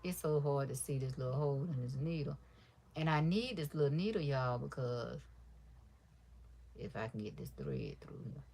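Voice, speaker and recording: Soft-spoken low-voiced woman crafting live. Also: big pitch swings, normal speed, breathy edge. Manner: talks low and soft on purpose; chatty, addresses viewers as y'all and baby. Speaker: livestream crafter. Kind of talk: casual livestream chat while sewing.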